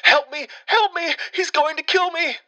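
A man voicing a terrified, sobbing young woman, pleading in a high, strained voice. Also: moderate pace, pushed and bright. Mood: frantic.

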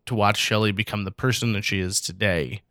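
A man hosting a casual podcast, halting and self-deprecating. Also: lowish voice, steady tone, sharp tone. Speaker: podcast host.

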